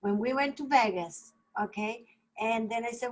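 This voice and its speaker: A woman team leader telling an animated story on a video call, acting out the lines of others. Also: a little high, moderate pace, a little hiss or hum, poor audio.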